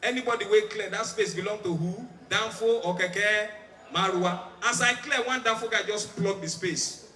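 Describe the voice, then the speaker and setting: Animated Nigerian comedian on a big stage. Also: male voice, sits high, normal speed. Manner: animated storytelling in Pidgin, mimicking sirens and voices. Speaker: stand-up comedian. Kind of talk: stand-up comedy routine. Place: large outdoor stage. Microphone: stage microphone. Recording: echoey live venue, mic at a distance.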